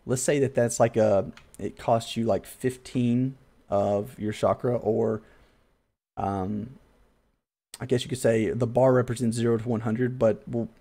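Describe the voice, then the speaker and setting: A man's voice: medium pitch, fairly even intonation, unhurried, warm tone. A man hosting a casual gaming podcast, thinking aloud in a loose, rambling, self-deprecating way. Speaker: podcast host.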